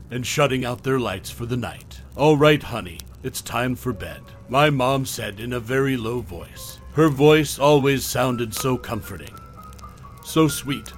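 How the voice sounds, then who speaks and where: A man narrating a horror story in a soft, hushed storytelling voice, often trailing off low at the ends of lines.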